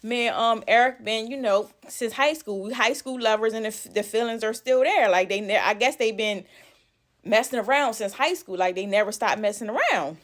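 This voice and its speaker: A woman vlogger chatting casually through a gossipy story, acting out what people said, recorded on her phone. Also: on the high side. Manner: animated, talkative, acts out quoted dialogue.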